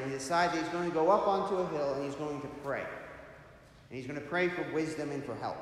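A man preaching a sermon, telling a story and posing rhetorical questions to his listeners. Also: a little high. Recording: echoey hall, faint hiss.

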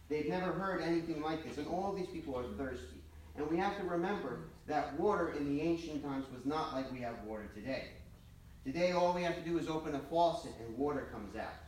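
A man's voice: on the high side, slight background noise. A male priest preaching a sermon, telling stories in a conversational way with casual asides. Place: church. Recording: echoey church from far off.

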